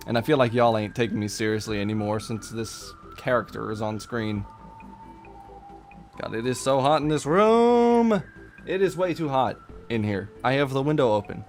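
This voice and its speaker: A man streaming live from a warm room at home, chatting casually and jokingly with his chat and laughing often. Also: mid-range voice, expressive, measured pace. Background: faint game music.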